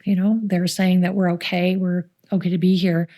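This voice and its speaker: A middle-aged Canadian woman who coordinates a youth community centre tells warm anecdotes in an interview, acting out the voices of the people she describes. Her voice is fairly low and flat, at a normal speed.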